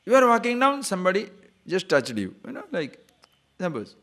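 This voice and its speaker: A man, a spiritual teacher, giving an animated lecture on scripture and acting out little scenes of quoted speech. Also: high voice, brisk. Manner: animated, acts out quoted speech, chuckles at own stories.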